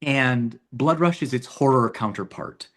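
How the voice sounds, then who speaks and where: A man in an interview explains his own filmmaking work with animated energy. He repeats words and restarts his sentences often as his thoughts tumble out. His pitch sits in a middle range for a man. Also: measured pace. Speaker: filmmaker guest. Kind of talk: casual interview talk.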